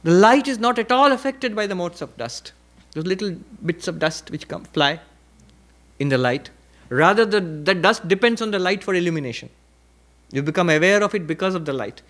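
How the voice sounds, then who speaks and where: Man teaching spirituality, slightly high voice. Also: expressive, normal speed, fairly bright tone. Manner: reflective teaching with repetition and rhetorical questions; varies pitch and pace for emphasis. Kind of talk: spiritual lecture at a retreat.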